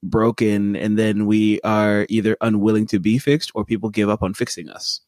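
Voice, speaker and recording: A woman hosting a podcast in casual chat, throwing in wry comments and quick dry quips. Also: extremely low pitch, level tone, a little mellow, no echo. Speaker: podcast host.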